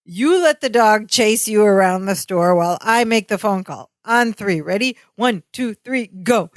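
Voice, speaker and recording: A woman's voice: medium pitch, measured pace, no room sound. A woman co-hosting a casual podcast, recapping scenes and slipping into quoted lines. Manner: animated recapping with quoted voices. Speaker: podcast co-host. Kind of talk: casual rewatch podcast chat.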